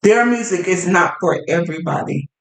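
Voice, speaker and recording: A woman's voice: fairly low pitch, lively intonation, normal speed, creaky. A woman co-hosting a casual podcast chat, outspoken and emphatic, talking colloquially and calling out to listeners. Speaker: podcast co-host. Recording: roomy echo.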